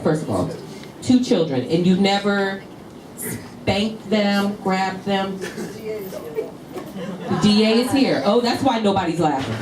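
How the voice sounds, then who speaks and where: A woman from Northern Virginia doing stand-up comedy, teasing audience members in a brash, laughing way. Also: medium pitch. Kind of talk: stand-up crowd work. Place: comedy show in a tent with a live audience. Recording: roomy live sound from a distant mic, crowd noise.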